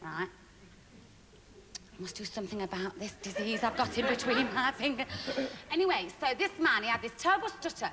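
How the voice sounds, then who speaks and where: A woman's voice: on the high side, expressive, a little fast, background noise. A woman guest on a TV variety show, telling rude jokes and giggling through them. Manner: giggly, breaks into laughter mid-joke. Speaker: comedy guest. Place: TV studio with live audience. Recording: studio hall with loud audience laughter.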